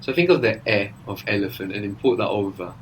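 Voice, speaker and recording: A man's voice: lowish voice, animated, fast talker, slight background noise, low-quality recording. A man teaching a language in a recorded audio lesson, explaining patiently and often checking with a questioning "no?".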